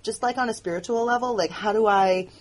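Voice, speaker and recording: A woman who writes and produces the show speaks candidly in an audio commentary, her medium-pitched voice earnest and halting, often restarting her sentences.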